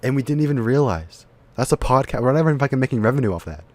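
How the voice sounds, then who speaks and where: A man's voice: medium pitch, lively intonation, rapid-fire, darkish tone. A young man hosting a casual podcast chat, joking crudely and swearing a lot. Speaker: podcast host.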